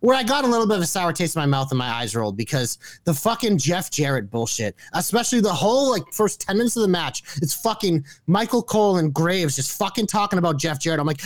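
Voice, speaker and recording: A man in a heated podcast chat, rattling off fast, profanity-laden rants. His voice is dry and close to the mic, with no room sound. He argues and pushes back at every turn. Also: high voice, sing-song, dry recording. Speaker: wrestling podcast co-host.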